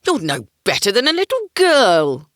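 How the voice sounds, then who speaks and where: A woman's voice: medium pitch, big pitch swings, measured pace, sharp tone, no echo, clean studio sound. A woman voicing a mocking male guard sergeant. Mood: scornful. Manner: mocking, snorting.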